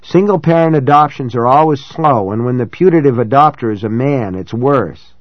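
A coarse, loyal male buddy, voiced by a male narrator talks bluntly and reassures his friend. The delivery is plain and profane, with swearing woven into steady encouragement. It is recorded dry, with a slightly muffled, dull sound. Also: medium pitch, normal speed, no echo, lightly acted. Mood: matter-of-fact.

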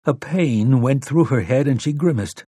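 Man, audiobook narrator, steady dramatic reading, husky, dry. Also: mid-range voice, moderate pace, no echo. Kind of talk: scripted narration.

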